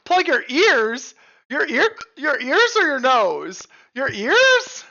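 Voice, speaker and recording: A woman's voice: high voice, very animated, slow, sharp tone, dull audio. A woman streaming a video game live, chatting casually with her viewers, reacting aloud and reading on-screen text, and swearing freely.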